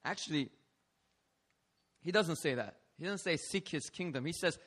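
A man preaching a lively, playful sermon, calling out to the congregation for responses. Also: on the high side, moderate pace, long pauses. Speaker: pastor.

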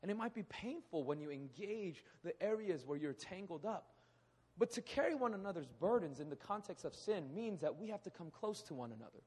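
A man in his thirties preaching a sermon in a hall, animated, often acting out quoted voices. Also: high voice, brisk, breathy edge. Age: 30s. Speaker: pastor. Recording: echoey hall.

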